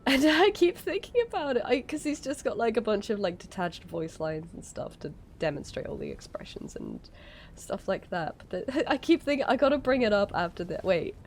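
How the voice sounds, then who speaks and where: A woman's voice: medium pitch, big pitch swings, normal speed, creaky, darkish tone, slight background noise. A sick woman streamer with a strained throat, chatting casually while watching videos, rambling and giggling a lot. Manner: giggly, rambling, easily amused. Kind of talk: casual live-stream chat.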